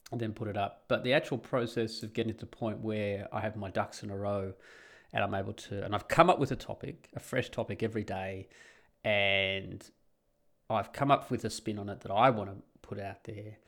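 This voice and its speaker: Australian man, solo podcast chat, low-pitched, gravelly fry, blunt, rambling. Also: fairly even intonation, moderate pace, a bit bright. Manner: rambling, blunt, sardonic asides. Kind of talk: casual solo podcast monologue. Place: home in the Netherlands.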